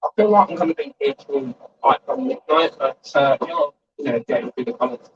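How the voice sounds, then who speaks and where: Speaking briskly and expressively at medium pitch, a man hosts a model-building livestream, wandering through casual chat and reading viewer comments. The highs are cut off, and there's a little hiss or hum.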